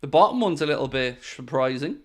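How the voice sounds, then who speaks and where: A man's voice: medium pitch, a little fast. A man hosting a live football watchalong, chatting eagerly with viewers and calling the build-up to kickoff. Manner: excitable, pleading, chatty with viewers. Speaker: watchalong host.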